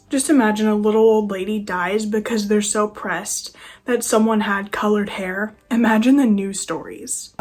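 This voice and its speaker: A woman's voice: mid-range voice, steady tone, moderate pace, darkish tone, soft background music. A nineteen-year-old woman ranting casually to camera, sarcastic and exasperated. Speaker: vlogger. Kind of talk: casual rant.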